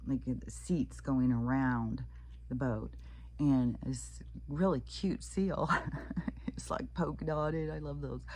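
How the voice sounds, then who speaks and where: A woman with a strikingly deep, husky voice talks through a loose, profane vlog monologue. She wanders from point to point, leaning on fillers and curse words. The sound is dry and close, with no room around it. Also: warm tone, no echo. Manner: profane, rambling, frequent fillers. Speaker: vlogger. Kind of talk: casual rambling monologue.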